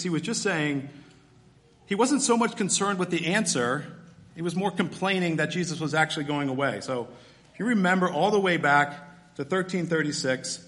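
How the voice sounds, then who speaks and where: Guy preaching, talks it through slow and easy like a bible study, voice a bit on the high side. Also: a bit bright. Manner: conversational teaching, explains scripture step by step. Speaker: pastor. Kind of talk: sermon.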